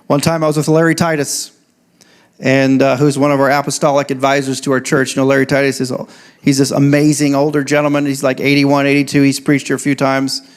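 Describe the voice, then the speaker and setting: A male pastor giving a sermon, reading scripture slowly and telling joking, conversational stories to his church. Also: mid-range voice, level tone. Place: church service.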